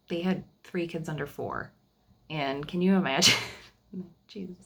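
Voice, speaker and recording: A woman in her thirties recording a personal video diary at home, speaking in an emotional, halting way and often repeating phrases. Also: fairly low pitch. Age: 30s. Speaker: vlogger sharing family news.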